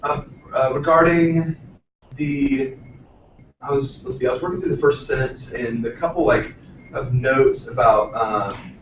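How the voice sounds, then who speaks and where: A man's voice: medium pitch, fairly even intonation, a little slow, a little hiss or hum. Hesitant male student from across the room. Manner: hesitant, many fillers. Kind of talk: classroom question. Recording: distant echoey lo-fi classroom recording.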